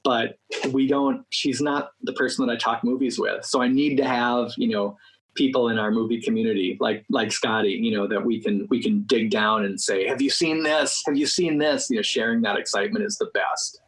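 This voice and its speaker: Middle-aged male film professor, husky and low, rambling panel talk. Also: little pitch movement, normal speed, rough recording. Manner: rambling, many restarts and fillers. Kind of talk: panel discussion.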